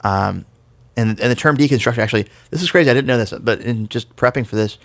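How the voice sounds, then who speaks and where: Man, podcast co-host, conversational explainer, gravelly fry, dry close sound. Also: mid-range voice, fast talker, no room sound. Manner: conversational, explanatory, self-deprecating jokes. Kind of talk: casual faith discussion podcast.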